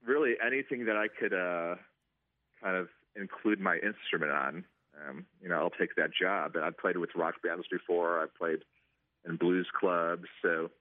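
A man's voice: low voice, normal speed, dry recording. A man working as a stadium organist, answering interview questions casually with many ums and restarts. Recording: tinny phone line.

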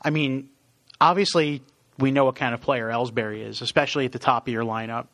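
A man's voice: mid-range voice, fairly even intonation, brisk, fairly bright tone, dry recording. A man co-hosting a casual sports podcast, rattling off player stats and chuckling at himself. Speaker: podcast co-host.

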